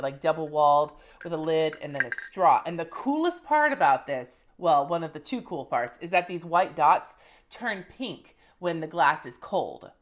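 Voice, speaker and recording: A woman in her thirties with a low, deep-set voice talks straight to the camera in a casual vlog. She is chatty and loose, with plenty of swearing and asides as she holds things up to show. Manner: chatty and profane, showing items to the camera. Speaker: planner and lettering vlogger. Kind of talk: casual monthly favorites vlog.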